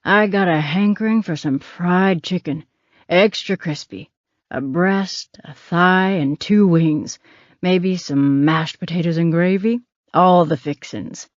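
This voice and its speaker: A man's voice: sits high, slow pace, no echo, lo-fi sound. A woman voicing a teasing, wry older man who is a hospital patient.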